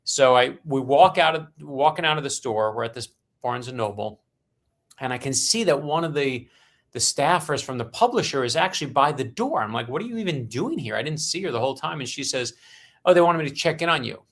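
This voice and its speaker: A man in his fifties from Brooklyn, a guest author telling stories on a podcast and acting out the dialogue with lively energy. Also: medium pitch, brisk. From Brooklyn, New York. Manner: animated storyteller acting out quoted dialogue. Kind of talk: storytelling in a podcast interview.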